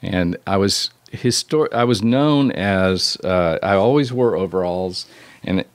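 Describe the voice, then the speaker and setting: A man's voice: deep voice, takes it slowly, dry recording. A man in his sixties, a record producer as a guest, telling rambling, self-deprecating stories with many restarts. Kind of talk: storytelling interview.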